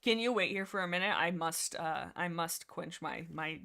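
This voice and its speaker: Woman parodying a dopey, overdramatic male warrior cat; lazy offhand delivery, quiet, low-key. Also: normal speed, vocal fry. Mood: lazy stalling.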